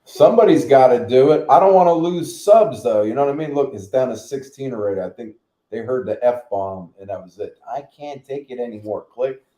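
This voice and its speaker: A man's voice: medium pitch, expressive, fairly quick, dark tone. A middle-aged man hosting a channel, ranting in a blunt, profane, rambling way. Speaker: channel host. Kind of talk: casual rant. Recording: echoey room.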